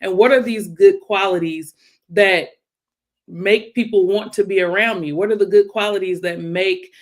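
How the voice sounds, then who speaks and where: A woman's voice: medium pitch, steady tone, moderate pace. Reflective woman co-hosting a talk show. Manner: thoughtful, self-questioning. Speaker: co-host.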